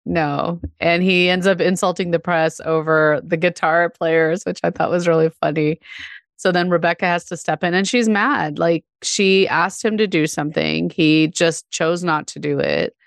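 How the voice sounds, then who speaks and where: Low gravelly woman, chatty. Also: fairly even intonation, normal speed, no room sound, studio quality. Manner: chatty, filler-heavy, laughs often. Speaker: podcast co-host. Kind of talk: casual chat about a TV show.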